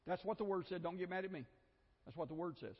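A man's voice: high voice, fast. A man with a Southern American accent preaching a sermon in a conversational way, with joking asides and repeated phrases, in a church. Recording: dull, echoey church hall recording.

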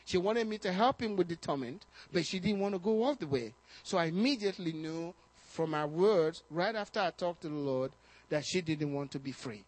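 A man pastor preaching a sermon, telling personal stories in an animated way, often repeating words and rising in excitement. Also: fairly high pitch, normal speed.

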